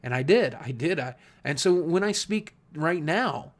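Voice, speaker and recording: A man's voice: fairly high pitch, lively intonation, measured pace. A man from Southwest Virginia with a slight Southern US accent, talking candidly to camera as a YouTube creator in an earnest, reflective way, often restarting and repeating words. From Southwest Virginia, USA. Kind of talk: candid talking-head monologue.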